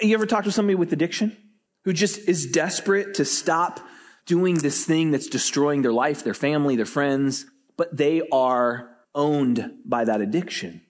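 A man preaching a sermon as pastor, telling stories with lively energy and often repeating words as he starts a phrase. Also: fairly high pitch, moderate pace, long reverb tail.

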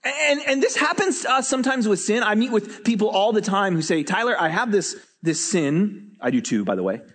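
A man preaching a sermon as pastor, telling stories with lively energy and often repeating words as he starts a phrase. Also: high voice, fast, big-room sound.

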